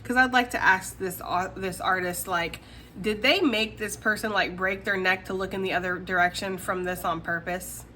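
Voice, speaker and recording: A woman's voice: mid-range voice, fairly even intonation, normal speed, bright, forceful tone, slight background noise. A woman giving a casual tarot reading straight to the viewer, chatty and laughing often. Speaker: tarot reader.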